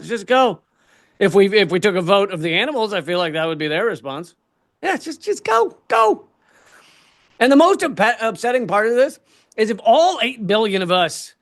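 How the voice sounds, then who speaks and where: A man doing a stand-up comedy set on a convention stage, ranting in an exasperated, profane way and bursting into shouts. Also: high-pitched.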